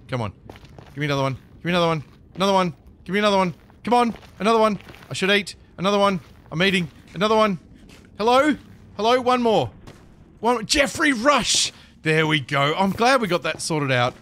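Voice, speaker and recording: An excitable man streaming a game live, his high voice swinging all over the place as he chatters away to the creatures on screen. His tone is bright and sharp. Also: a little hiss or hum. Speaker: gaming streamer. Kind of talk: live gameplay commentary.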